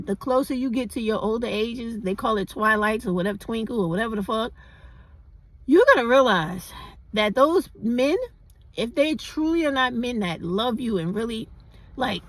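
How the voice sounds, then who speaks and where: A woman's voice: a little high, no echo, rough recording. A middle-aged woman, talking bluntly and preachily in a casual, profane opinion monologue. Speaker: commentary vlogger.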